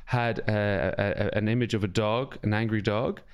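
A man's voice: fairly low pitch, moderate pace, clean tone. A man co-hosting a podcast, telling stories casually and swearing freely. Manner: relaxed storytelling, swears freely. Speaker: podcast co-host. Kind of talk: casual chat.

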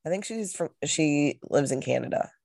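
A woman's voice: deep voice, lively intonation, moderate pace, creaky, a little mellow, no room sound, clean studio sound. A woman co-hosting a casual podcast chat, easygoing and agreeable with hesitant fillers. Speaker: podcast co-host.

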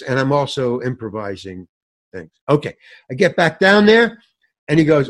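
A man's voice: medium pitch, normal speed. An older man telling an anecdote in an interview, acting out the people in it, laughing as he talks and swearing casually. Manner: lively storyteller, mimics others, laughs mid-sentence, swears casually. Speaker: guest actor telling a story. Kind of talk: animated anecdote with acted-out quotes.

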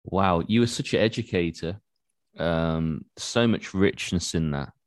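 Male host, very deep voice, appreciative, dry sound. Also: no room sound. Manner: warm, appreciative, slightly halting with fillers. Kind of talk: interview questions.

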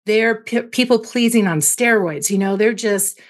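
A woman's voice: medium pitch, normal speed. A woman clinical psychologist as an interview guest, explaining emotions through everyday analogies and checking in with "right?" as she goes. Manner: teaching through analogies, tags points with "right?".

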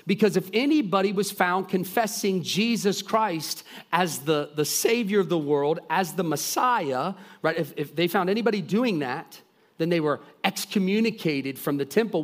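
A man preaching a sermon, retelling a story with lively acted-out voices and dropping to quiet, earnest intensity. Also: high voice. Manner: animated storytelling, acting out voices of characters; drops to soft, quiet intensity.

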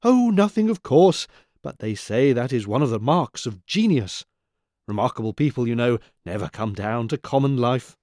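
A man's voice: mid-range voice, lively intonation, moderate pace, a little mellow, no echo, clean studio sound, lightly acted. A man voicing a doting, tearful mother squirrel who gushes and pleads, in a storybook reading. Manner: gushing, pleading.

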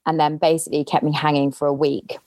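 A woman as a podcast guest, candidly telling a personal story in an animated way, acting out the lines she quotes. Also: low-pitched, fast, no room sound.

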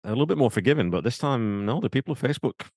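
A man co-hosting a podcast in casual chat, wry and quick to laugh. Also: medium pitch, animated, darkish tone, no echo, studio quality. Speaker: podcast co-host.

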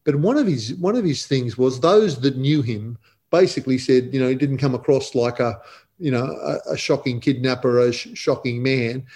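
A man's voice: medium pitch, normal speed, a little mellow, breathy edge. A middle-aged man with an Australian accent, a guest author who tells stories vividly and emphatically in an interview. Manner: vivid, emphatic storyteller who acts out quoted dialogue. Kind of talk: animated storytelling interview.

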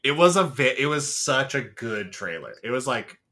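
Young dude cohost, chill, bright voice, lively pitch, laughs along a lot. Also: male voice, normal speed. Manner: laid-back, laughs along, short agreeing replies. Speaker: podcast co-host. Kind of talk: casual chat.

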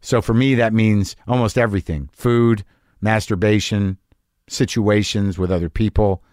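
A man's voice: lowish voice, steady tone, normal speed, a little mellow, no room sound, studio quality. A middle-aged man telling a long story in a casual monologue, ranting and swearing, mocking himself and acting out what people said. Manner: profane, ranting, self-deprecating, acts out quotes.

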